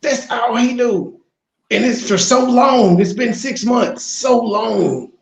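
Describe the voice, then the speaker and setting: A man's voice: very high-pitched, slow pace, creaky, reverberant. A man hosting reaction commentary, profane and mocking as he rants. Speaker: commentary host.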